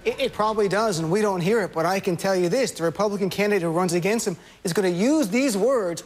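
Male comic pundit, rapid-fire, husky, jokey, argumentative. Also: high voice. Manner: fast, animated, joking argument. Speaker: comedian and political commentator. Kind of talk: TV news panel commentary.

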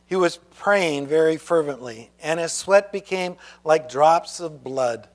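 A male pastor preaching to his congregation. His voice sits high, and he takes his time, reading scripture carefully and pausing to ask questions. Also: expressive. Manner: reads scripture slowly, asks congregation questions. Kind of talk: sermon.

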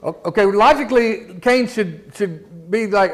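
In a church, a male pastor preaches in a folksy, casual style, often repeating words and putting questions to the congregation. His voice is high-pitched, a little slow, and has few pauses.

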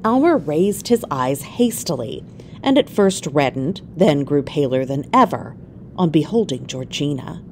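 A woman reading a classic short story aloud in an expressive, measured way. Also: low voice, slight background noise. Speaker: reader.

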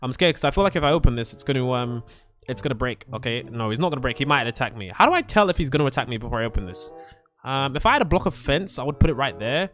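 A young man narrating a Minecraft let's play, excitable, yelping and screaming when startled. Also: medium pitch, fast talker, soft background music. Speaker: gaming channel host.

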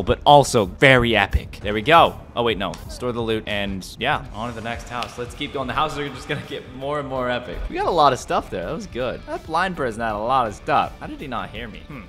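A man giving excitable, chatty commentary over his own gameplay, talking straight to his viewers and breaking into sudden yelps. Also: medium pitch. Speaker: gaming video creator.

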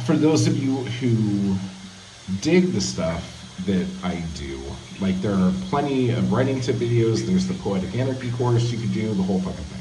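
A man's voice: fairly low pitch, expressive, moderate pace, mellow, roomy sound, far from the mic, slight background noise, rough recording. A man hosting a writing channel, talking casually to his camera in a loose, profane, apologetic way. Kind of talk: casual vlog talk to camera. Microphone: handheld camera.

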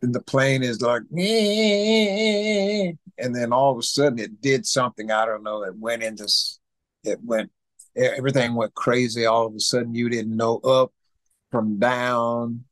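This guest musician in his 80s hails from Mississippi and spins an animated tale, repeating himself and imitating sounds as he goes. The recording is dry, capturing his medium-pitched voice at an ordinary pace.

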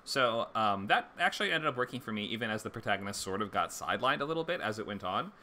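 A man's voice: on the low side, lively intonation, fast talker, sharp tone, slight background noise. A man teaching a screenwriting class in a loose, conversational way, full of fillers and restarts, and he has the hiccups. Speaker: screenwriting instructor. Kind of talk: casual livestream lecture.

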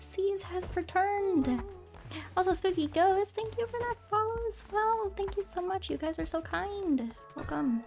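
High-voiced bubbly woman streamer over music. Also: expressive, measured pace, a little mellow. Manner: bubbly, apologetic, greets chatters by name. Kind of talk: casual live-stream chat while gaming. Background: game music.

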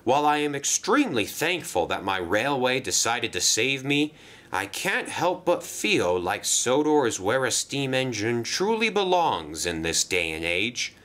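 A man's voice: mid-range voice, big pitch swings, unhurried, bright, forceful tone. A man voicing a proud, dignified express engine with a lilting voice. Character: famous proud male express engine, grand.

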